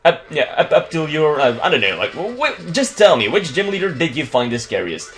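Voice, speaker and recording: With faint music in the background, a young man from Belgium, not an English speaker, talks briskly through a video game. His casual, crude commentary rambles and keeps restarting, his slightly high voice jumping around with energy.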